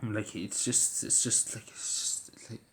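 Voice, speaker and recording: A man's voice: lowish voice, little pitch movement, takes it slowly, a bit bright. Angry man ranting. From Ireland. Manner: angry, swearing, stammering restarts. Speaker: commentator.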